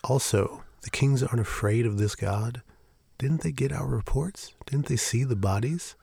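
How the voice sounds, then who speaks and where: A man voicing an exhausted, frightened young male priest who talks in a weary, clipped way, with a gravelly voice. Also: lowish voice, steady tone, moderate pace, darkish tone, dry recording, studio quality. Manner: weary, dread-filled, clipped.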